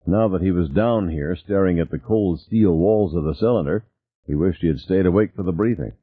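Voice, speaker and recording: A man narrating an audiobook in an expressive, varied reading. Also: low-pitched, a little fast, slightly rough, no echo. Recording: tinny phone-like dry sound.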